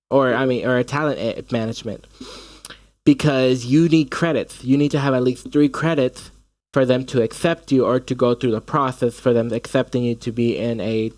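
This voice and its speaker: A man's voice: medium pitch, no room sound. Young man telling stories with restarts. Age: young adult. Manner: animated storytelling with many restarts. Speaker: actor guest. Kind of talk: casual interview chat.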